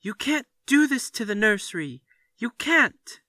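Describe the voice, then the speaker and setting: A man's voice: sing-song, a little slow, bright, forceful tone, no room sound, exaggerated voice. A man voicing young children who wail and shriek their pleas in a story reading. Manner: shrill wailing pleas.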